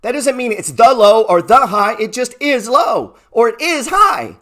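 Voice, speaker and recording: A man with a fairly high voice giving a fired-up trading talk. He swears freely, asks rhetorical questions, and drops from loud bursts to low murmurs. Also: animated, measured pace. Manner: profane, emphatic, rhetorical questions. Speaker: trading educator. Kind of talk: motivational talk.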